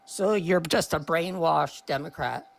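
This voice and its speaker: A woman's voice: sits low, measured pace, creaky, crowd noise. A woman calling in to a live stream, arguing politics and talking over the host while she is losing her voice. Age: older than 30. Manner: argumentative, talks over the host. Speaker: caller. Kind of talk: heated political argument.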